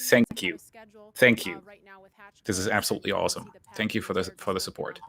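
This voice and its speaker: A man's voice: deep voice, steady tone, a little fast, creaky, bright, forceful tone. A man co-hosting a live stream, chatting casually and reading out viewer comments. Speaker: livestream co-host.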